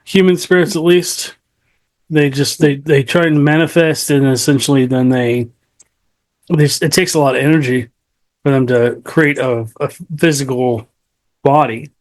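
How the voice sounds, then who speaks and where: A man hosting a podcast interview, asking questions with relaxed, jokey interjections. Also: mid-range voice, moderate pace, no echo. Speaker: podcast host. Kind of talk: casual interview.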